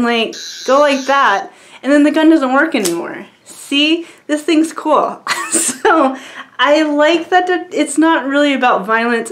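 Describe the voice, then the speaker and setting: A young woman vlogger chatting casually to camera, rambling with lots of fillers and frequent giggles. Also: on the high side.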